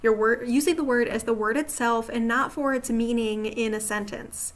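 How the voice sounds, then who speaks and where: A woman with a fairly high voice teaches a writing lesson from slides. She explains each example patiently and often pauses to check that the listener is following along. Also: fairly even intonation. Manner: patient, explanatory, asks rhetorical check-in questions. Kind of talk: slide-based grammar lesson.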